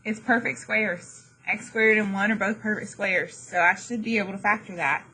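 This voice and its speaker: A woman's voice: medium pitch, steady tone, normal speed, pushed and bright, breathy edge, rough recording. A woman math teacher giving a classroom lesson, chatty and jokey, with dramatic asides to her students.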